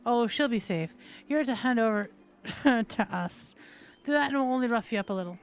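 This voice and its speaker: A woman voicing a rough, menacing young male gang leader in a put-on accent, reading a story game aloud. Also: a little high, lively intonation, normal speed, faint music behind, lightly acted. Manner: swaggering threats.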